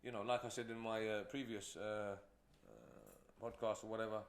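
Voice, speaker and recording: A man's voice: on the low side, sing-song, normal speed, gravelly, reverberant. A man who is a guest entrepreneur, telling stories in a casual, rambling way with many fillers. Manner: rambling, storytelling, frequent fillers. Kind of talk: casual interview talk.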